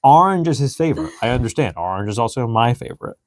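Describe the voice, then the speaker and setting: A man's voice: medium pitch, big pitch swings, quick pace, a little mellow, no echo, studio quality. A man in his thirties co-hosting a podcast, venting in casual chat about parenting and acting out his child's lines. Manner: exasperated, venting, acts out quotes of his child. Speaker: podcast co-host.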